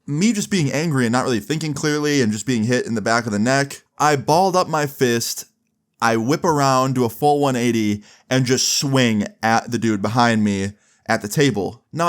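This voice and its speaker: A young man casually telling a story, with a relaxed, loose delivery full of fillers and some swearing. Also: medium pitch. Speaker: storyteller vlogger.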